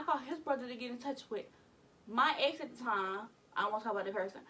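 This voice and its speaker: A woman's voice: on the high side, far from the mic, slight background noise. A young woman telling a story in casual vlog style, acting out her own lines. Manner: animated, acts out her own lines in quotes. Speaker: vlogger.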